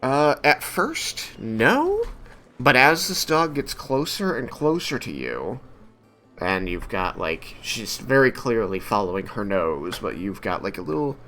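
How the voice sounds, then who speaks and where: A man's voice: medium pitch, unhurried, a little hiss or hum. A man narrating as game master of a tabletop game, hesitant with many fillers. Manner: hesitant, filler-heavy, lively storytelling.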